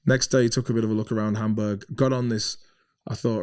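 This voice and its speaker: A man's voice: fairly low pitch, little pitch movement, fairly quick, a little mellow, clean tone. An Irish man telling casual, swearing anecdotes as a podcast guest. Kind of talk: casual storytelling.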